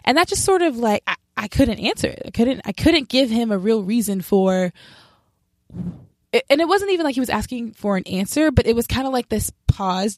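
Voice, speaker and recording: A woman's voice: a little high, lively intonation, fairly quick, no room sound, studio quality. Candid young woman sharing her faith story. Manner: candid and self-reflective, acts out remembered dialogue; straightforward, describes herself as sharp. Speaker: speaker sharing a personal faith testimony. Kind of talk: casual spoken testimony.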